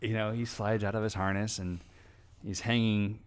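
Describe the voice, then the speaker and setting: Low-voiced man hosting a livestream Q&A. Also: little pitch movement, normal speed, clear, resonant tone. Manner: reads viewer questions, jokey and rambling. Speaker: livestream host. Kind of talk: casual livestream Q&A.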